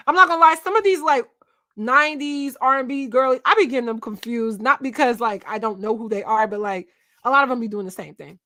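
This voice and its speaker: A woman's voice: on the high side, pushed and bright, no room sound. Chatty young woman livestreaming gossip. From Philadelphia, USA. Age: 20s. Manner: chatty, talks to chat, trails off and searches aloud. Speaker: livestream host.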